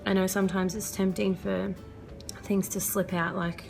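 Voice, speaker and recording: A young woman talks to camera in a chatty, earnest way, sharing parenting tips as a mum. Her mid-pitched voice has a gravelly, creaky edge, and soft music plays faintly underneath. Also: flat delivery, normal speed. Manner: chatty, earnest, laughs often. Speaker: vlogger and mother. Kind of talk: casual parenting advice vlog.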